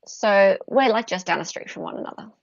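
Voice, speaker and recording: A woman with an Australian accent hosting a casual livestream chat, bubbly and chatty with quick laughs and gasps. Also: medium pitch, vocal fry, dry recording. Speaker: host. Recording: dull dry lo-fi mic.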